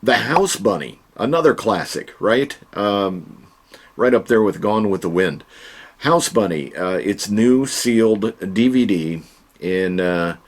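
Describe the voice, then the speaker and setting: A man's voice: lowish voice, lively intonation, takes it slowly. A man hosting a casual home vlog, chatting in a folksy way with joking asides from his storage room. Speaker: online reseller and channel host.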